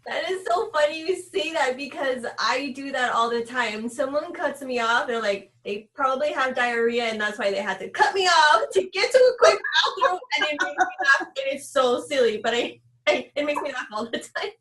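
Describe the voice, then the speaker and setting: Woman host, high voice, casual animated chat, echoey room, distant from mic. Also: normal speed. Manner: animated, laughing. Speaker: show host. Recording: roomy, off-mic.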